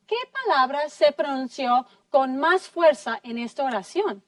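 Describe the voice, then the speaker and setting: A woman teaching a class, slowly and clearly modeling sentences and praising her students. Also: high voice, lively intonation, a little mellow, no room sound, distant mic. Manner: slow, deliberate, encouraging, models sentences clearly. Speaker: English teacher. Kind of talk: classroom lesson in two languages.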